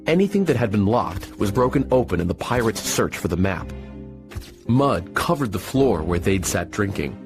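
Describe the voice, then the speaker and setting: A man narrating an adventure story in a measured, steady storytelling manner. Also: on the low side. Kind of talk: scripted audiobook narration. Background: soft music.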